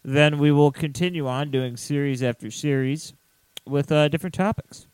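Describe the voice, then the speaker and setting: A man's voice: a little high, moderate pace, a little mellow, clean tone, no room sound, rough recording. A man hosting a casual podcast, talking loosely and rambling with fillers and swearing. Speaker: podcast host.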